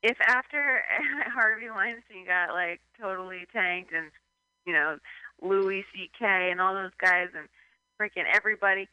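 A woman's voice: mid-range voice, a little slow, clear, resonant tone, dry recording, highs cut off. A woman hosting a casual radio chat, rambling with lots of "like" and acting out little scenes. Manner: rambling, heavy "like", acts out voices. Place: San Francisco.

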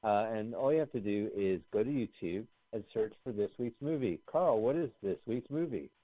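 A man's voice: on the low side, animated, normal speed, no echo. A man hosting a podcast in casual chat, joking around and rambling through plugs and announcements. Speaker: podcast host. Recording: phone-like dry line.

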